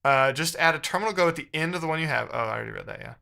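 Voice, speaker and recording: A man's voice: on the high side, expressive, very fast, creaky, bright, forceful tone. Frustrated man muttering while coding. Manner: frustrated, muttering, reading chat aloud. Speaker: live-streaming developer. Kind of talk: casual live-stream chat while coding.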